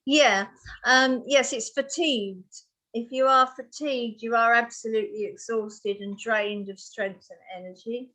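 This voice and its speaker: A woman's voice: a little high, fairly even intonation, measured pace, pushed and bright. A woman tutoring for an English exam, patiently explaining word meanings to a student. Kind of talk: one-on-one vocabulary lesson.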